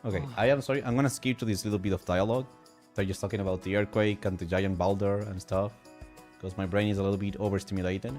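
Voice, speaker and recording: A male streamer chatting emotionally and excitably while gaming, with sudden high outbursts. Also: fast talker, soft background music. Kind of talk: casual live-stream chat while gaming.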